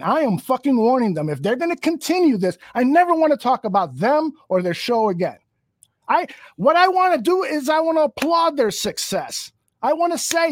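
A man on a podcast venting in an angry, profane, rambling rant full of restarts. His pitch swings widely as he gets worked up. The sound is dry and close. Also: no echo. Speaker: podcast host.

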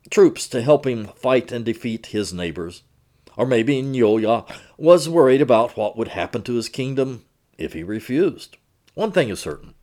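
A man reporting and narrating his own magazine feature in a measured, expressive storytelling manner. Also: mid-range voice.

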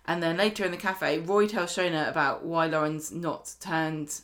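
A woman's voice: low voice, steady tone, normal speed, fairly bright tone. A British woman co-hosting a podcast, chattily retelling scenes and quoting characters, with easy laughter. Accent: British English. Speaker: podcast co-host. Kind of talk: casual recap chat.

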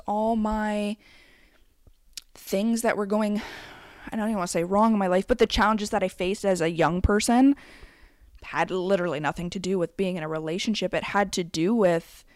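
A woman's voice: medium pitch, a little mellow, dry recording. A woman in her late twenties speaks bluntly, swearing freely as she gives candid advice with chatty asides. Her voice sits in a mid range for a woman. The recording is dry and close, with no room sound. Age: 20s. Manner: blunt, profane and emphatic; conversational, with frequent asides. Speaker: vlogger. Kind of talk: candid advice rant to camera.

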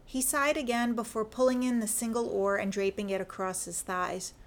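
A woman narrating a fan fiction story in an even, measured reading voice. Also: a little high.

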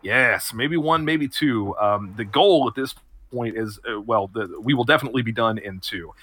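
Bright-voiced man running a tabletop game. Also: medium pitch, moderate pace. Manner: descriptive, many fillers, laughs often. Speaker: game master and podcast host.

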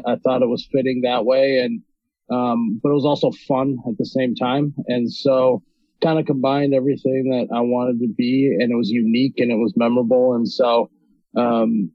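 Man from North Dakota, podcast guest, monotone and halting, dry lo-fi sound. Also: medium pitch, dry recording. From North Dakota, USA. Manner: hesitant, many ums and restarts. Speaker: podcast guest, video creator. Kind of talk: casual interview conversation.

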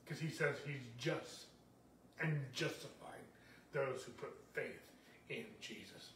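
A man's voice: mid-range voice, takes it slowly, a bit bright, echoey room, recorded from a distance, slight background noise. A male pastor preaching a sermon in an emphatic, repetitive style, with frequent "okay?" checks to the congregation.

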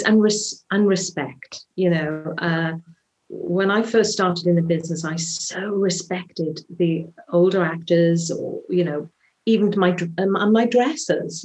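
A middle-aged woman, a stage actress, talks freely as an interview guest. Her speech circles back on itself with restarts and "you know" as she shares advice. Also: medium pitch. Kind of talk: casual interview chat.

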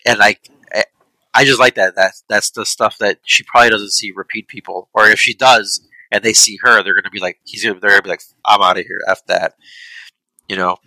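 A man co-hosting a casual movie-review podcast, talking in halting, slangy bursts with repeated words. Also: on the low side, fairly even intonation, bright, forceful tone, no room sound, low-quality recording. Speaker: podcast co-host.

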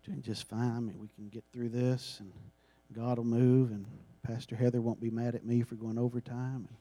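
A man, preaching a sermon and praying for miracles, swinging from soft talk to loud, drawn-out emphasis. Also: mid-range voice, level tone, no echo. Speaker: guest preacher. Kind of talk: sermon with prayer.

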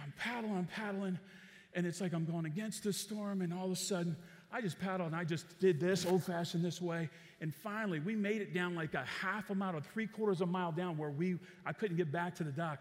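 A man's voice: high voice, fairly quick, in a large hall. A man preaching a sermon, telling a story with energy and calling on the congregation to respond. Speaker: pastor.

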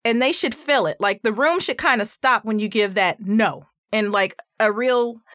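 A woman with a somewhat high, pitchy voice talks through parenting tips in a casual, earnest way. She leans on emphasis and fillers. The sound is dry and close, with no room around it. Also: moderate pace, a bit bright, no room sound. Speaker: parenting podcast host. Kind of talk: casual advice talk.

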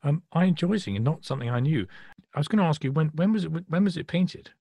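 A man co-hosting a podcast, talking about art in a thoughtful, halting way with many restarts and a husky voice. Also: fairly high pitch, lively intonation, warm tone, no room sound. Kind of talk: casual chat about art.

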